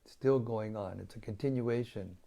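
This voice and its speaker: An older man with a raspy, gravelly voice that sits low and mellow. He talks gently and humbly, reflecting as a spiritual teacher who answers listeners over an online call. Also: normal speed. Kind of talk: casual devotional chat after a reading.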